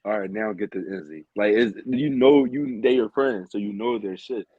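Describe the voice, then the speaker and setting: A man with a lowish voice chats as a podcast guest, relaxed and offhand, his sentences sinking softly at the ends. The recording sounds dull and lo-fi. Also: normal speed, noisy background. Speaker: guest wrestler. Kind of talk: casual interview chat.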